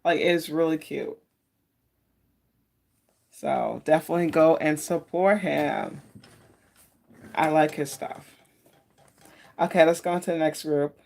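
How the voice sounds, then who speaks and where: A woman's voice: deep voice, fairly even intonation, slow pace, gravelly, long pauses, a little mellow. Woman, tarot live-streamer, rambling and friendly-casual delivery. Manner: chatty and meandering, greets viewers by name. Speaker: tarot card reader hosting a live stream.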